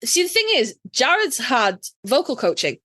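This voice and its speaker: A woman's voice: high voice, very animated, normal speed, sharp tone, dry recording. A woman from Yorkshire with a Yorkshire accent, co-hosting a podcast and telling a story in casual chat, swearing freely and acting out quotes. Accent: Yorkshire English. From Yorkshire, England. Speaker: podcast co-host.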